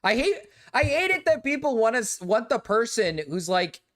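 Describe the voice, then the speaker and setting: A man's voice: very high-pitched, very animated, normal speed, fairly bright tone. A young man hosting a live stream, talking casually in a rambling, exasperated way, full of "like" and repeated words. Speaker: livestream host.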